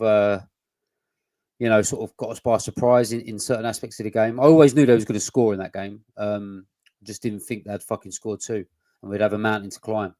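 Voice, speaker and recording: A man's voice: fairly low pitch, a little mellow, no echo. A man, co-hosting a casual football podcast, blunt and sweary with rambling restarts. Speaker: podcast co-host.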